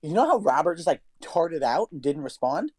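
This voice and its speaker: A man's voice: fairly high pitch, big pitch swings, moderate pace, darkish tone. A young man co-hosting a podcast, telling a story in casual chat, swearing a lot and talking with animation. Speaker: podcast co-host.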